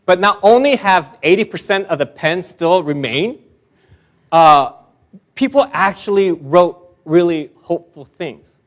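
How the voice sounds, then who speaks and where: Pastor, man, slightly high voice; warm self-mocking stories, emphatic at the close. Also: expressive, unhurried. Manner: personal, self-deprecating humor, builds to emphatic close. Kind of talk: sermon.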